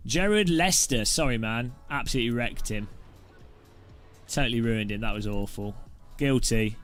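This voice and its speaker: A man's voice: medium pitch, moderate pace, fairly bright tone, soft background music. A man giving casual, jokey commentary over his sim racing gameplay and laughing often.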